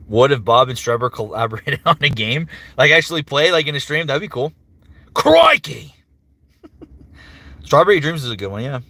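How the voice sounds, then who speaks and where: A man's voice: mid-range voice, lively intonation, sharp tone, no room sound. A man who works as a voice actor, chatting casually on a livestream and answering viewer comments with upbeat energy. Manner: chatty and upbeat, with frequent fillers and quick impressions. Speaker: voice actor streamer.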